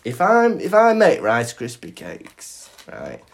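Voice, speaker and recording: Man, podcast co-host, casual banter, very animated delivery. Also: a little high, slow pace, vocal fry. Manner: animated, jokey, imitates sounds while explaining. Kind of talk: casual chat.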